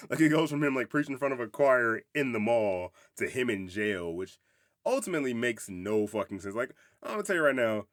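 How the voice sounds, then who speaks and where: A man's voice: mid-range voice, big pitch swings, fairly quick, fairly bright tone, no echo, studio quality. A young adult man hosting a podcast, reviewing a movie in casual, rambling, profane chat, often laughing. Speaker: podcast host.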